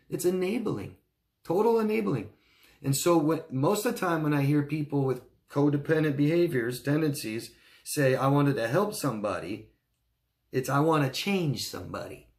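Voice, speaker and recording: A man working as a relationship coach, answering viewer questions in a reassuring way and often checking in with "okay?". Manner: acts out quoted friends in a higher, excited voice.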